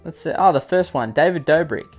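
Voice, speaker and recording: A man's voice: on the high side, animated, fairly quick, breathy edge, faint music behind. Dry sarcastic man. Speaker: YouTube commentator. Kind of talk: comedic reading commentary.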